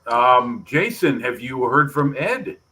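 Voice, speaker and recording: A man's voice: mid-range voice, very animated, slow pace, pushed and bright, a little hiss or hum, poor audio. A man co-hosting a casual group video chat, chatty and wryly teasing. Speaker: co-host of a modelling video chat.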